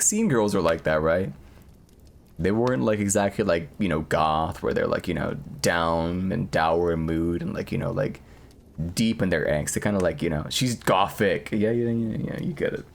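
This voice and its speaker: A man's voice: sits low, gravelly. A young man live-streaming, chatting casually with viewers in a rambling, profane way. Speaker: streamer reading horror stories.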